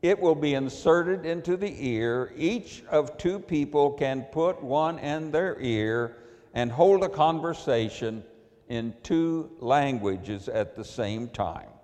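Slow-spoken preacher in a reverberant hall. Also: male voice, a little high, lively intonation, darkish tone. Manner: wry, storytelling. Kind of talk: sermon with personal anecdote.

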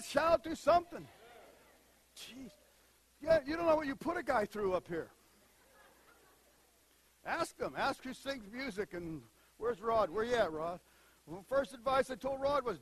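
A man preaching a sermon, moving between quiet asides and loud, emphatic bursts. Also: very high-pitched, animated, a little slow, pauses often, breathy edge, low-quality recording. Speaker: pastor.

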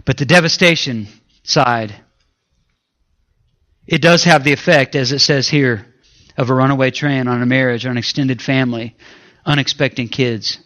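A man preaching a sermon as pastor. He moves between raised, urgent preaching and low, hushed asides, and playfully acts out his own inner voice. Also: dull audio.

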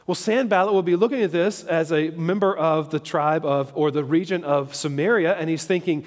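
A man's voice: a little high, moderate pace, few pauses. Man teaching scripture in a reverberant hall. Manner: conversational, checks in with "okay?" and "all right?". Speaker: preacher. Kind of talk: Bible teaching sermon.

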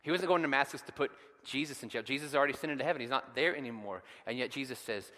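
Forceful preacher in a reverberant hall. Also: male voice, medium pitch, rapid-fire. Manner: dramatic retelling, rising to loud emphatic peaks. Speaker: pastor. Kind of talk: sermon.

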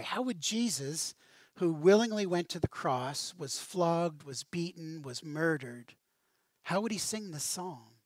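A man preaching a sermon as pastor, with a conversational, animated style and casual asides. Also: on the high side, unhurried, no echo.

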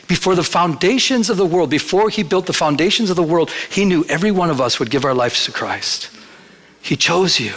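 A man's voice: on the high side, fairly bright tone. A male pastor preaching a sermon in church, in a conversational storytelling manner that slips into acted quotes.

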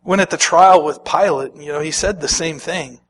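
Delivering a sermon, this pastor is animated, playing the parts of those he quotes and lurching abruptly from loud to soft. He speaks at a moderate pace with a fairly high pitch.

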